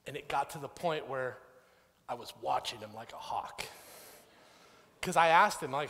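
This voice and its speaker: Man, pastor, conversational sermon, storytelling, mid-pitched voice, long hall reverb. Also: fairly quick. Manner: storytelling, animated, conversational preaching. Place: church sanctuary.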